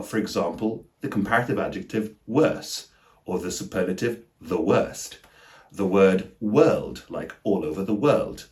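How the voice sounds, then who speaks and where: A man teaching English pronunciation in a scripted lesson, slowly and deliberately sounding out each example word. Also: low voice, a little mellow. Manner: slow, deliberate, over-articulated example words.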